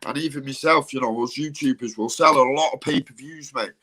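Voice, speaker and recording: A man's voice: mid-range voice, a little fast, bright, forceful tone. A man, a YouTuber, talking bluntly and swearing in a casual live-stream chat. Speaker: YouTuber and guest.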